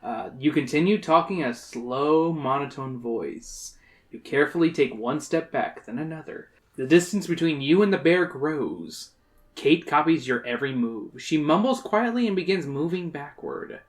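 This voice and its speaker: A podcast host reads a choose-your-own-adventure book aloud, dramatic and playful, breaking into laughs and jokes along the way. The voice is mid-range with lively intonation at a moderate pace.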